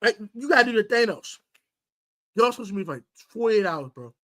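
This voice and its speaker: Exasperated and expressive, a woman rants fairly quickly on her live-streamed sports podcast, scolding in plenty of slang. She veers between loud bursts and low mutters.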